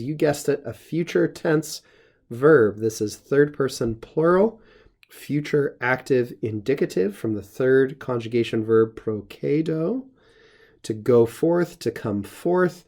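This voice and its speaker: A middle-aged man teaching Latin, explaining grammar step by step in a measured lesson. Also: fairly high pitch, mellow.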